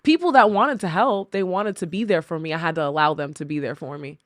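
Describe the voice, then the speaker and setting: On a podcast, the co-host's wife appears as a guest, talking fast in a lowish voice with clean studio sound and no room sound. She tells candid, reflective stories about personal struggles, frequently quoting her own past thoughts.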